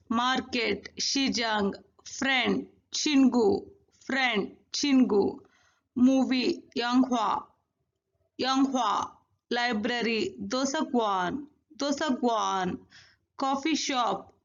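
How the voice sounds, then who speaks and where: A woman teaching a recorded language lesson, saying each new word slowly and repeating it twice. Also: sits high, muffled recording.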